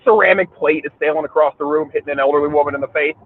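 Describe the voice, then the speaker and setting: A man's voice: on the high side, steady tone, rapid-fire, narrow, tinny audio. A man hosting a podcast, telling rambling, crude stories in a casual chat and laughing often. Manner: rambling storyteller, crude jokes, laughs a lot. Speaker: podcast host.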